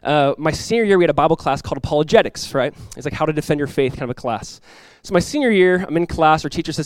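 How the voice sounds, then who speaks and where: A young man preaching a sermon, storytelling with animated asides. His voice sits a little high and moves at a rapid clip. The sound is close and dry. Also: dry recording. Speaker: pastor.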